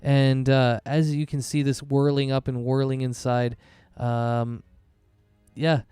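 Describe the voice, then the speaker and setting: A man acting as game master, narrating a tabletop session in a loose, chatty way. His voice is mellow and smooth, recorded dry and close, with faint music under it. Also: mid-range voice, level tone, takes it slowly, dry recording.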